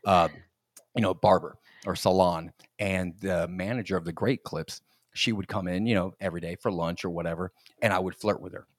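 Low-pitched and a little fast, this man in his forties hosts a podcast full of funny stories, laughing a lot and performing the quotes with animation. The recording is dry and studio quality.

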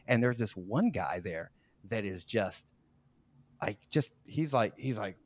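A podcast host relaxes into a rambling workplace story. He jumps between low mutters and high bursts of laughter, acting out the people he quotes. The mic is close and the room is dry. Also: moderate pace, dry recording. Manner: animated, laughs often, acts out quoted people. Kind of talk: casual storytelling chat.

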